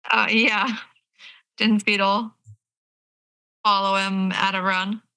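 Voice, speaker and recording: A woman's voice: mid-range voice, level tone, slow pace, bright, forceful tone, clear, resonant tone, rough recording. A woman playing a tabletop game, talking in an easygoing way. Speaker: player. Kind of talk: tabletop role-play.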